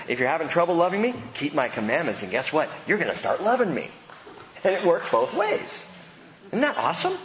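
A man delivers a sermon from a church pulpit, slightly high-pitched and very animated in his delivery. He mixes emphatic points with casual, joking asides. The sound is dull and lo-fi, with a long echo from the hall. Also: a little hiss or hum. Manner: conversational, emphatic preaching with asides. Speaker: pastor. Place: church sanctuary.

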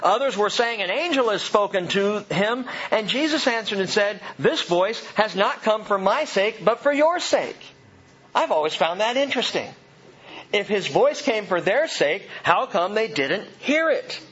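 A man's voice: high-pitched, expressive, measured pace, fairly bright tone, husky, dull audio. A man preaching a sermon, earnest and emphatic, asking his listeners question after question. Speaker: pastor.

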